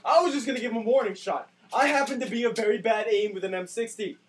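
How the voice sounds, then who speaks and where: A high-voiced young man rattles through a comic rant at a quick clip and breaks into sarcastic shouts. He sits away from the camera mic, and a faint hiss runs under his voice. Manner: ranting, shouting bursts, sarcastic. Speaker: storyteller. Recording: distant mic with faint noise.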